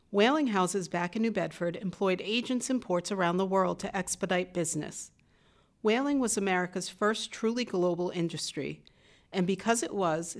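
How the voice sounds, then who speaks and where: A woman narrating a museum audio guide in a measured, evenly paced scripted delivery. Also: on the low side.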